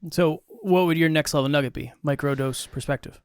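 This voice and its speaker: A man's voice: fairly high pitch, brisk, no echo, studio quality. A man co-hosting a podcast, talking casually in an upbeat, playful way. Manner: upbeat, playful wrap-up talk. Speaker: podcast co-host. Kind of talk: casual chat.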